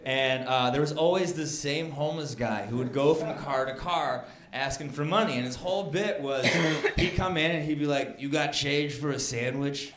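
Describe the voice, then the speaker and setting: A man's voice: a little high, normal speed, fairly bright tone. A man doing stand-up, telling a story and acting out scenes with rising outbursts. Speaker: stand-up comedian. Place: comedy club stage. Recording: roomy club with laughing audience.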